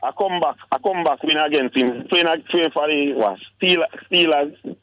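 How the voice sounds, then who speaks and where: A Jamaican man on a sports talk radio show, chatting casually and needling his co-host for an answer. His voice sits a little high, and the sound is close and dry. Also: normal speed, bright, forceful tone, dry recording, low-quality recording. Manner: teasing, pushes for answers.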